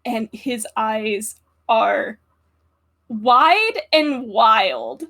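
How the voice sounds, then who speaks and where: A woman game master narrating a tabletop scene, halting and searching for words. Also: on the high side, lively intonation, fairly bright tone.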